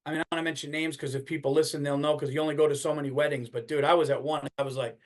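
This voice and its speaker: A man's voice: a little high, flat delivery, rapid-fire, few pauses. A middle-aged man hosting a podcast, telling a story in a casual, comedic way, swearing and acting out the people he quotes. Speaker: podcast host.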